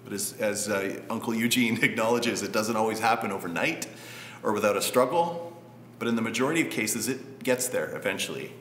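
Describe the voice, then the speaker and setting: A man preaching a sermon in a relaxed, conversational way with light humor. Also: lowish voice, brisk, echoey room, slight background noise. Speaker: pastor.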